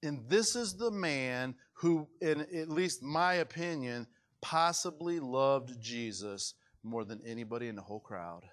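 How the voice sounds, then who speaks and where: Slightly slow in pace, this pastor's sermon lurches between booming high-pitched bursts and quiet low stretches. He also performs the quoted voices dramatically.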